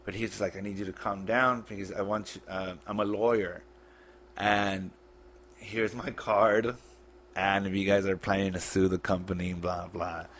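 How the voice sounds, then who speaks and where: A man on a podcast, retelling a painful memory in a blunt, halting, profane way. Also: deep voice, flat delivery, a bit bright, a little hiss or hum. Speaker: podcast guest. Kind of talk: casual storytelling.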